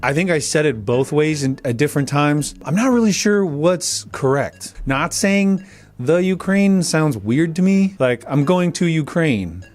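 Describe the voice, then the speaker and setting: A man's voice: fairly high pitch, expressive, unhurried, darkish tone, soft background music. A man in his forties hosting a comedic commentary show, reading viewer comments aloud and mocking them sarcastically. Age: 40s. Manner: sarcastic, mock-voices commenters. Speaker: host.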